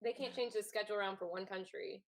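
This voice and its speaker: A woman's voice: mid-range voice, steady tone, quick pace, rough recording. A woman co-host with a mid-range voice talks through results in casual chat. Her delivery is rambling and conversational, with a loose, easy pace.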